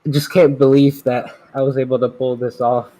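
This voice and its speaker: A man's voice: mid-range voice, little pitch movement, normal speed, mellow, poor audio. A man who has just won a sim race, out of breath and hesitant as he talks about the win. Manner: breathless, overwhelmed, hesitant with fillers. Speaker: race winner guest.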